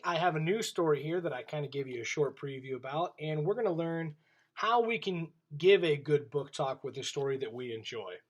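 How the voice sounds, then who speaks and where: A male teacher giving a video lesson to young children, speaking in a clear, friendly voice straight to the camera. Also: a little high, low-quality recording. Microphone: camera in front of him.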